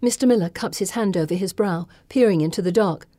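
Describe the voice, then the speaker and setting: A woman reading a first-person audiobook narration with an expressive, dramatic delivery. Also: mid-range voice, fairly quick, no echo, studio quality.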